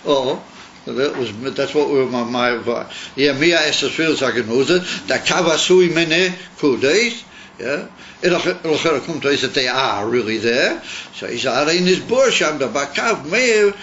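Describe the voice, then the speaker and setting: A man's voice: medium pitch, expressive, normal speed, fairly bright tone, slight background noise. A man, a rabbi, teaching a text-study class, explaining and thinking aloud with frequent restarts. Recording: dull lo-fi recording.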